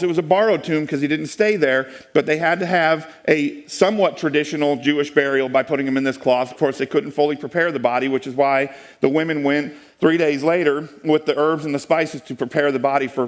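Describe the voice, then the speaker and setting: Folksy joking man giving a talk. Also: a little high. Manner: folksy, joking, with many restarts. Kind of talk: live presentation to an audience.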